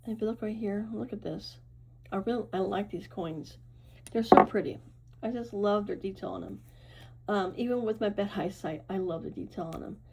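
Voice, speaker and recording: A woman's voice: medium pitch, normal speed, creaky, background noise. A woman giving a casual tarot reading to her viewers, reassuring and chatty, often checking in with "right?" and "okay?". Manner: loose and chatty, with fillers and self-corrections. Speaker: tarot reader.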